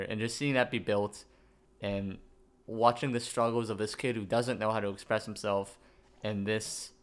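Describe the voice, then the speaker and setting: A young man guest on a movie podcast, speaking earnestly and a bit haltingly, with fillers. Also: lowish voice, clear, resonant tone. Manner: earnest and reflective, hesitant with fillers. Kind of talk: casual chat.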